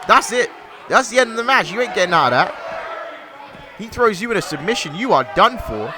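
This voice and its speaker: A man giving excited play-by-play commentary on a video game wrestling match, shouting at the big moves and talking to the folks watching. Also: sits high, brisk. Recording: loud game music and crowd noise behind. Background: video game wrestling crowd and music.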